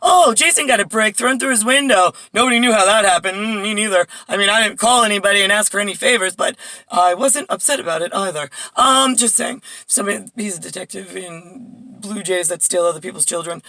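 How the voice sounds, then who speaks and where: Rambling New woman, bright dry voice. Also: medium pitch, a little fast, no echo, low-quality recording. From Bayside, New York. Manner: rambling, jumps between tangents, muses aloud. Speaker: vlogger. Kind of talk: casual monologue to camera. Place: at home indoors.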